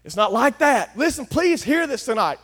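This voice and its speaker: High-voiced preacher, hushed to shouting. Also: male voice, very animated, normal speed. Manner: folksy, swings from hushed to shouting. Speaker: pastor. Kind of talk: sermon.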